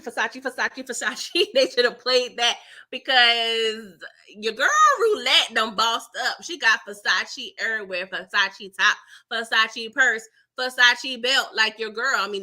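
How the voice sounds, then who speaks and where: Bright, animated woman recapping a show. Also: a little high. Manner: animated, chatty, laughs often, heavy slang. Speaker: TV recap host. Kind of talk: casual live recap commentary.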